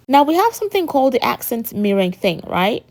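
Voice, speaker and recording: A woman in her thirties, an American accent with a British lilt, explaining to camera with lively emphasis and frequent rhetorical asides. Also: on the high side, a little fast. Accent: American mixed with a British lilt. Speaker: vlogger.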